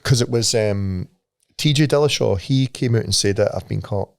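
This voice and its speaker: A man's voice: medium pitch, normal speed, creaky, no room sound, clean studio sound. A Scottish man co-hosting a podcast in casual chat, swearing freely and laughing at his own stories. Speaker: podcast co-host.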